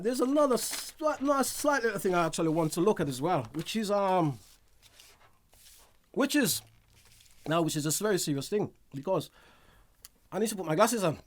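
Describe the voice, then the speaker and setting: A man's voice: high voice, expressive, moderate pace, long pauses. A man hosting a call-in talk show, often repeating phrases as he searches for words.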